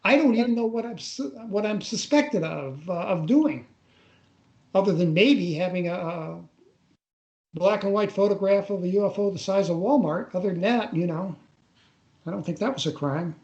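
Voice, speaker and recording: An older man recounting a personal story in a radio interview, in a halting way that often repeats words as he recalls. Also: high-pitched, darkish tone, dull audio. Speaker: interview guest. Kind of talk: casual first-person storytelling. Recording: roomy echo on a radio interview.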